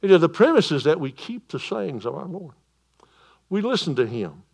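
A man preaching a sermon in a church, moving between loud proclamation and quiet calm. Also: fairly high pitch, normal speed, creaky. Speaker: pastor.

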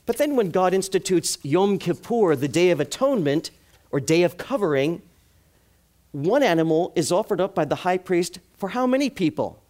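A male preacher delivering a sermon in an animated way, asking the congregation rhetorical questions. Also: high voice, moderate pace.

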